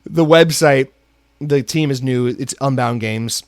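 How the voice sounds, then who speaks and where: A man's voice: mid-range voice, unhurried, no room sound. A man hosting a solo podcast, ranting angrily with lots of swearing and then reading news. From United States. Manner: angry, profane ranting with swearing. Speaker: podcast host.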